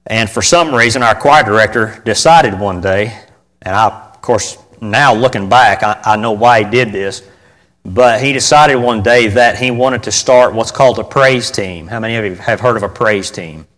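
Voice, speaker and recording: The speaker is a man with a fairly low, fairly bright voice, talking at normal speed as he preaches to a congregation about church music. His informal sermon is conversational, full of repeated key phrases for emphasis and requests for responses from the room, all in a long hall reverb.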